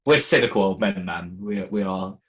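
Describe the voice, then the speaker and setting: Man, podcast guest. Wry and chatty, rushing and stumbling over his words. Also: deep voice. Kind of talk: casual chat.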